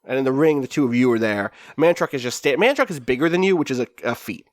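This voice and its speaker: A man's voice: mid-range voice, lively intonation, fast talker, no echo, clean studio sound. A man with a runny nose narrating as game master, rambling with lots of fillers and laughs.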